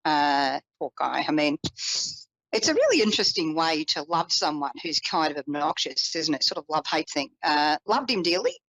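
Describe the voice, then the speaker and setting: A woman psychic telling a personal story in a chatty, animated way, with self-deprecating asides. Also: low-pitched, normal speed, no room sound, poor audio. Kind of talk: personal storytelling on a live call-in show.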